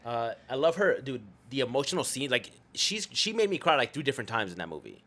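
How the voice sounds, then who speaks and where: A young man co-hosting a casual podcast chat, excitable and slangy, swearing and calling his friend "bro". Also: medium pitch, quick pace. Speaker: podcast co-host.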